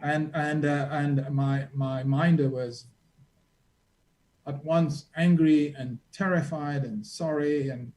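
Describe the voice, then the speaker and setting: Man telling war stories, bright. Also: on the high side, fairly even intonation, takes it slowly, low-quality recording. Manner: vivid, dramatic storyteller acting out quotes. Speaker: international reporter, guest. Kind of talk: storytelling in a conversation.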